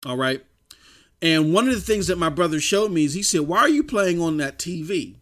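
High-voiced man ranting on a livestream. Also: big pitch swings, moderate pace, a bit bright. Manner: emphatic and preachy, stumbling restarts. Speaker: livestream host. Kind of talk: casual off-the-cuff streaming chat.

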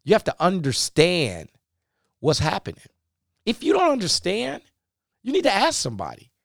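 Animated folksy preacher, dry close sound. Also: male voice, high voice, normal speed, creaky, no room sound. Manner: animated, folksy, acts out biblical dialogue. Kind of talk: sermon.

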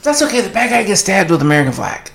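A man's voice: high-pitched, sing-song, very fast, vocal fry, fairly bright tone, roomy sound. A man co-hosting a podcast in casual chat, retelling movie plots with joking asides. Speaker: podcast co-host.

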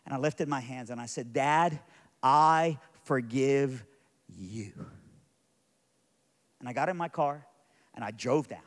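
A middle-aged man preaches briskly in a medium-pitched voice, sharing a personal story that goes from hushed and quiet to loud and intense.

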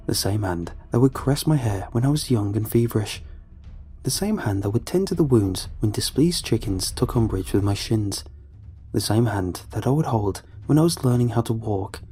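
Low-voiced man narrating horror. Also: animated, mellow, husky, faint music behind. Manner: measured, ominous.

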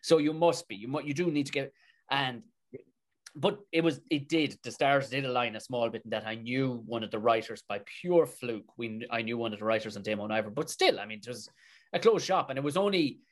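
A mid-pitched man from Tipperary speaks with a broad Irish accent in a relaxed interview. He tells his story loosely, swearing often and circling back over half-finished phrases with lively energy. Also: fairly quick. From Tipperary, Ireland. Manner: swears freely, rambling with restarts, animated. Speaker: guest, comedic actor.

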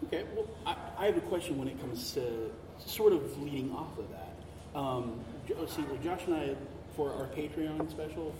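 Man, podcast host, relaxed talk, far from the mic in an echoey room with noise behind. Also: a little high. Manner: easygoing, quick to agree. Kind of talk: casual chat.

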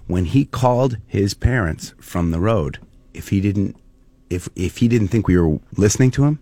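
A man's voice: fairly low pitch, expressive, normal speed, warm tone, dry recording. A man co-hosting a radio show, talking in an earnest, reflective way and circling back over his own words. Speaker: radio co-host. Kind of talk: casual radio banter.

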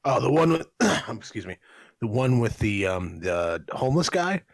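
A man's voice: mid-range voice, sing-song, moderate pace, no echo. A young man co-hosting a podcast, rambling through crude stories and laughing as he goes. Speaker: podcast co-host. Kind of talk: profane casual storytelling.

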